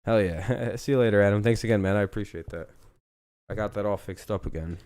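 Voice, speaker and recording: Deep, dark-voiced joking male streamer. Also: fairly quick, clean tone, no echo, studio quality. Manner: joking, profane, rambling. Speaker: host of a live football news stream. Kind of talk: casual live-stream chat.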